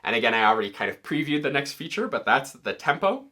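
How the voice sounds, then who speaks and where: A man teaching music in a relaxed, explanatory tutorial, walking through settings step by step. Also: medium pitch, fast. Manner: relaxed, explanatory, occasionally counting beats aloud.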